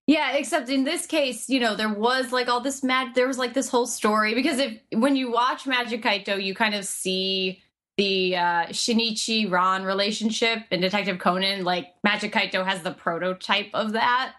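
A young woman co-hosting a podcast, chatting casually, excitable and rambling. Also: mid-range voice, moderate pace. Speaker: podcast co-host.

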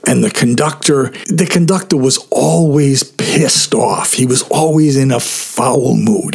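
An older man tells a true story in a relaxed, candid, conversational way, like a storytime vlog. His voice is husky and sits in a mid range. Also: mid-range voice.

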